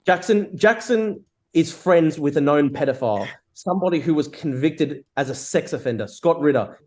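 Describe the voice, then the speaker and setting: A man's voice: on the high side, animated, normal speed, darkish tone. A young man in a heated online debate, pressing his point with repeated accusations. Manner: accusing, hammering one point.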